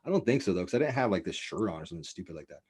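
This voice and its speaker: A man hosting a casual podcast, telling a wild story in a profane, rambling, animated way. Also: sits low, very fast, husky. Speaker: podcast host.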